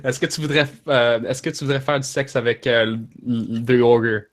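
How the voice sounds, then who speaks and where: A man's voice: medium pitch, steady tone, fairly quick. Laughing man. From Quebec. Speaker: guest. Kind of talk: casual livestream chat.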